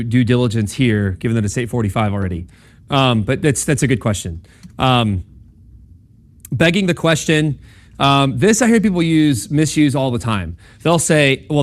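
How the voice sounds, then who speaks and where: A man teaches in a loose classroom lecture style, checking in with his listeners and often asking "right?" He acts out short bits of quoted dialogue as he explains. His pitch sits in the middle for a man. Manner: conversational, checks in with "right?" and "okay?". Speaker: speaker at a campus talk.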